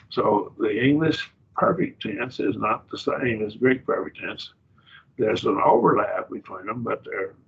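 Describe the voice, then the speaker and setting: Teaching a Bible study in a church classroom, this man speaks slowly, restarting sentences and posing rhetorical questions. His low-leaning voice is gravelly and slightly rough, and the distant mic leaves the recording muffled.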